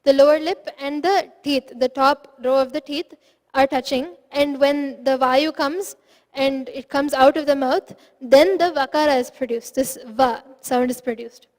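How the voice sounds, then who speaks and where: High-voiced woman teaching in a reverberant room. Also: fairly even intonation, a little slow, a little mellow. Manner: patient and explanatory, demonstrates sounds aloud. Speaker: Sanskrit pronunciation teacher. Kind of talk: online lesson. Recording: long reverb.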